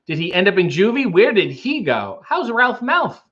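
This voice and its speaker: A man hosting a home livestream, answering chat with rambling, deadpan jokes. His voice sits a bit high for a man. The audio is dull and lo-fi, like a muffled stream. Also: moderate pace. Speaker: livestream host reading chat. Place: home, making coffee.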